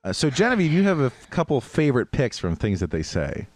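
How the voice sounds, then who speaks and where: A man hosting a podcast, telling gaming stories in a lively way and mimicking sounds from the game. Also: mid-range voice, fast talker, no echo. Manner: animated storyteller, mimics game sounds and voices. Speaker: podcast host. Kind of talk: casual gaming chat.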